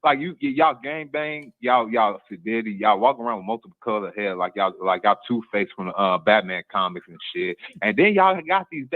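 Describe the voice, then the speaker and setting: A man's voice: on the low side, animated, brisk, hardly any pauses. Exasperated man ranting over a tinny line. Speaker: guest podcaster. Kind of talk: casual ranting commentary.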